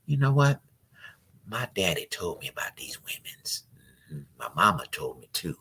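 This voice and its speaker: A man's voice: low voice, big pitch swings, moderate pace, breathy edge, pitched below the performer's own voice, exaggerated voice. A man doing a whispering mama's boy. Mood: suspicious. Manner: hushed and suspicious. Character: wounded young man who trusts only his mama. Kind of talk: whispered role-play.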